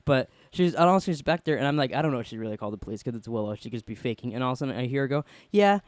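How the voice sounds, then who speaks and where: A man hosting a podcast, telling a story in a casual, animated way and acting out the people he quotes. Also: mid-range voice, racing, no echo. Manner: animated, acts out quoted voices. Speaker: podcast host.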